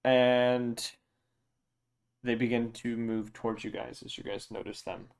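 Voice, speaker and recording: A man runs a tabletop session as game master, his voice smooth and resonant. He narrates with many pauses and fillers, speaking into a home desk microphone. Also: medium pitch, flat delivery. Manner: halting, filler-heavy narration.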